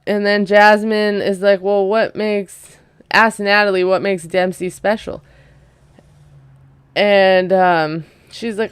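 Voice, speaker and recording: A woman's voice: mid-range voice, flat delivery, takes it slowly, smooth, dry recording. A woman giving a casual, wry recap of a reality show, chatty and full of ums and likes.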